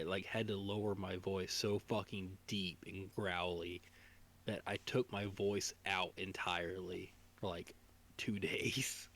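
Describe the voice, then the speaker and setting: A man co-hosting a casual podcast, rambling, swearing freely, with a voice strained from singing. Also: low-pitched. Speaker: podcast co-host.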